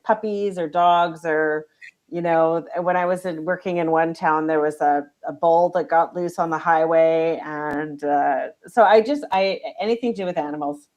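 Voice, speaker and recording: A middle-aged woman from Canada, a retired police officer, chatting as a podcast guest. She speaks in a slightly low voice and in a hesitant way, full of fillers and restarts. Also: normal speed, darkish tone, dull audio. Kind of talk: casual interview talk.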